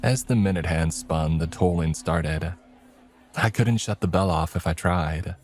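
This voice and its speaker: A man's voice: sits low, measured pace, darkish tone, faint music behind. A man narrating a first-person horror story in a wry, scripted storytelling manner.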